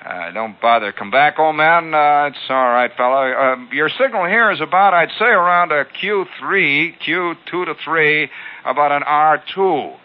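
A man voicing a gruff, condescending veteran radio operator who lectures and brushes him off, heard on a lo-fi old radio broadcast. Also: a little high, a little slow, voice pushed up, lightly acted. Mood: grudging. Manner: brusque, lecturing, dismissive.

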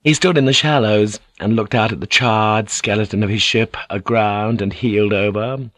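A man narrates an audiobook with measured, dramatic pacing, his voice low and steady. The recording is close and completely dry, with no room echo. The reading is even and scripted.

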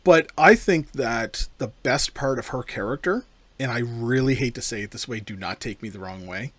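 A man co-hosting a casual talk show, rambling and animated as he discusses a film. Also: medium pitch, moderate pace. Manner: animated, rambling with restarts and playful impressions. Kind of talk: casual chat about a film.

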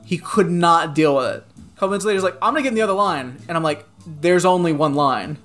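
Profane animated storyteller, mid-pitched voice. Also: fast, faint music behind. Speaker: podcast co-host. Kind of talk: casual chat, storytelling.

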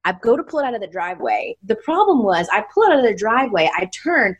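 A young woman from Atlanta, a sports TV anchor telling family stories as a podcast guest, animated and quick to imitate her dad's voice. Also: breathy edge, no echo, highs cut off. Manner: animated, acts out her dad's voice with big pitch jumps. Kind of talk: casual storytelling chat.

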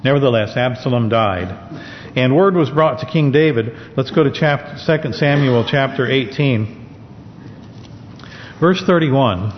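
Male preacher, conversational sermon delivery, scripture readings, dull lo-fi recording with long hall reverb and faint rumble. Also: unhurried. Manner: conversational, with restarts, reads scripture aloud. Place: church sanctuary.

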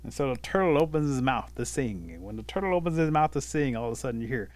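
A man telling a traditional animal fable, animated and chuckling as he goes. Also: medium pitch, fast, dry recording. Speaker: storyteller. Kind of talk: told folk tale.

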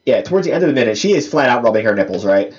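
A man's voice: medium pitch, sing-song, racing. A man co-hosting a podcast in casual chat, joking and rambling with lots of filler words. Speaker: podcast co-host. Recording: dull lo-fi podcast audio.

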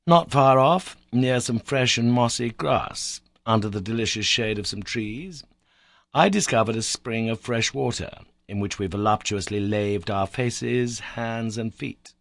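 Low-voiced male audiobook narrator. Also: vocal fry, dry recording, clean studio sound. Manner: measured, expressive first-person storytelling. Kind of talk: scripted narration of a classic novel.

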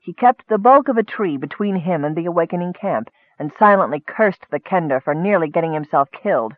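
A man narrating a fantasy story in steady storytelling, lifting his voice for action. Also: high-pitched, a little fast, dry recording. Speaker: audiobook narrator. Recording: dry, tinny phone-like sound.

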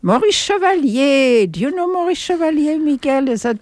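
A woman's voice: sits high, animated, moderate pace, darkish tone, dry recording. An older woman with a French accent hosting a radio show from a studio, chatting casually with many fillers and restarts. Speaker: radio host.

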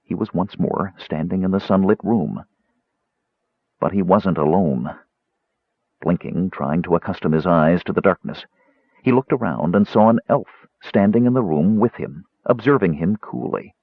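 A man's voice: low voice, expressive, moderate pace, breathy edge, dry recording. A man narrating a fantasy novel aloud as a storyteller, in a dull, dry, lo-fi recording. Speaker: audiobook narrator.

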